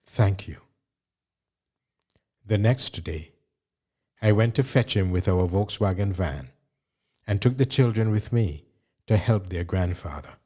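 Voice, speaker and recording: Guy reading a memoir real slow, low mellow voice, steady and even. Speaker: audiobook reader. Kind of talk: scripted memoir narration.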